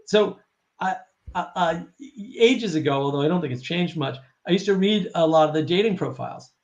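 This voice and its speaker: A man hosting a casual discussion, animated and wry, acting out quoted exchanges. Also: on the high side, normal speed, creaky, lo-fi sound. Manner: wry, laughs at own points. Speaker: host.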